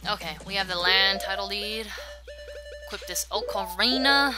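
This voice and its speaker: A woman talks through a video game playthrough in a casual, joking way, tossing off sarcastic asides. Her voice sits at an ordinary middle pitch. Clear game music runs underneath. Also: normal speed. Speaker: let's play host. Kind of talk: let's play commentary.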